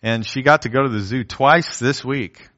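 A man's voice: medium pitch, moderate pace, bright, forceful tone, highs cut off. Male preacher telling a family story. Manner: storytelling, acts out quoted voices. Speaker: pastor. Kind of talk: sermon.

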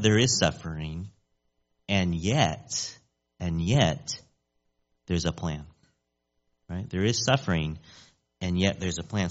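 A man preaching a sermon in a conversational, animated way, often checking in with the listeners. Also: mid-range voice, highs cut off.

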